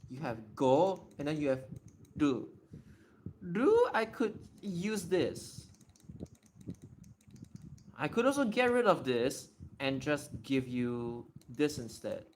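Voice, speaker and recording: A man hosting a casual livestream, thinking aloud and sounding out words slowly, poking fun at his own attempts. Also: a little high, slight background noise. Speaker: livestream host.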